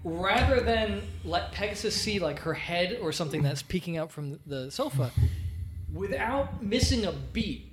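A man co-hosting a casual movie podcast, animated and laughing as he acts out scenes. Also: high-pitched, measured pace. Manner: animated, laughs while acting out quotes. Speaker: podcast co-host. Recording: roomy sound with faint noise.

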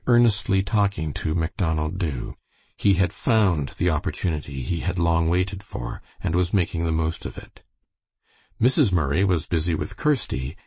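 A man's voice: sits low, creaky, darkish tone, breathy edge, dry recording. A man reading a novel aloud as an audiobook narrator, expressively. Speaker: audiobook reader. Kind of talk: scripted narration.

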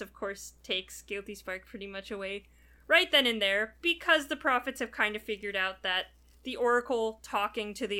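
A woman hosting a casual podcast, recapping a story in an animated, chatty way. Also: mid-range voice, clear, resonant tone. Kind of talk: casual chat.

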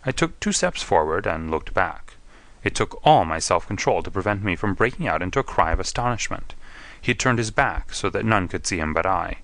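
A man narrating a story in the first person, measured and steady. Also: deep voice, no echo. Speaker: audiobook narrator.

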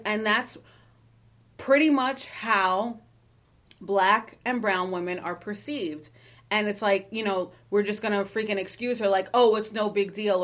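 A woman co-hosting a casual podcast, talking in an animated way, swearing and laughing often as she reads a listener letter. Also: medium pitch. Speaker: podcast co-host.

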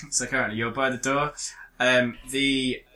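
A man narrating a tabletop horror game as game master, halting with many pauses and restarts. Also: mid-range voice, level tone, bright, forceful tone, rough recording.

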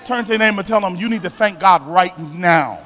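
High-voiced South Philly preacher in a church hall. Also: male voice, brisk, a little hiss or hum. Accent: South Philadelphia. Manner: call-and-response preaching, rising to shouted, sing-song cadence. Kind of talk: sermon.

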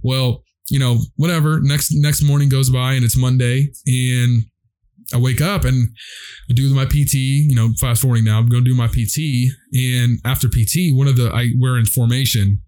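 A young man tells a loose, rambling story to his friends, full of fillers and swearing. His voice sits at an ordinary middle pitch and he talks casually and unhurried. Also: fairly even intonation, warm tone. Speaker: guest telling a story.

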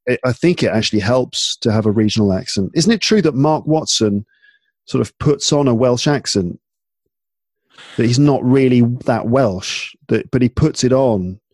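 A man's voice: medium pitch, darkish tone, no echo. A man in casual, musing conversation, chatty and full of fillers as he thinks aloud. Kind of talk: casual chat.

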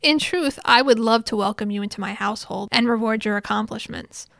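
A woman voicing a stern young noblewoman commander in a formal, measured way, read in a recap. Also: a little high, creaky, a bit bright, no room sound, studio quality.

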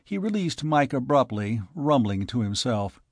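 Here a man narrates an audiobook from a script, his delivery even and measured. The voice is mid-range, recorded dry at studio quality.

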